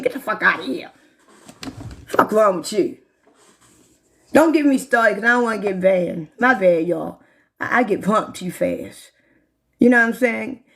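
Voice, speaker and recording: High-voiced woman ranting, full of swearing. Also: a bit bright. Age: 40s. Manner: heated, swears constantly, talks straight to viewers. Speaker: livestreamer. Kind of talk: profane live-stream rant.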